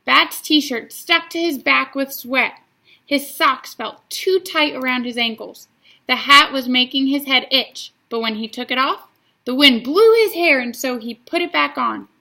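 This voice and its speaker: Woman reading a kids book out loud, expressive, bright with some vocal fry. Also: high voice, measured pace. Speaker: reader. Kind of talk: reading a children's book aloud.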